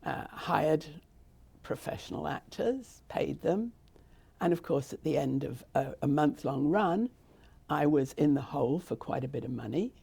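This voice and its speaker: A theatre founder, an older woman with a British accent, tells her story during an interview in a rambling way, with frequent restarts and asides. Her deep voice has vocal fry, a dark tone and slight roughness, animated but a little slow.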